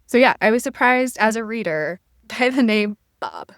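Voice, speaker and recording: A woman co-hosting a casual book podcast, animated and playful, sometimes mimicking voices. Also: a little high, moderate pace, no echo, studio quality. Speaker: podcast co-host.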